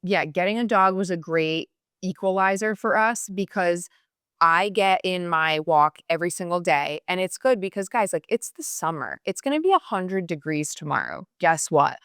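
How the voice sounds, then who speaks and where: A woman's voice: lowish voice, lively intonation, fairly bright tone, smooth, dry recording, clean studio sound. A young woman hosting a podcast, chatting casually and passionately with lots of fillers. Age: young adult. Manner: chatty, passionate, fast-talking with many fillers. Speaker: podcast host. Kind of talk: casual chat.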